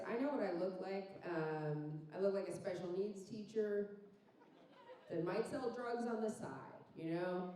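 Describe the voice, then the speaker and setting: A woman's voice: lowish voice, dark tone. A woman in her thirties from Phoenix doing a chatty, self-mocking stand-up set, riffing with the crowd on a club stage. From Phoenix, Arizona. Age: 30s. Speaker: stand-up comedian. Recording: roomy club sound from a distant mic.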